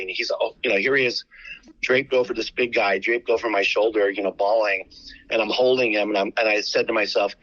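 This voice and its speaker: A charity founder with an American accent, telling animated stories with many restarts in a radio interview. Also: male voice, fairly low pitch, brisk, no room sound, muffled recording.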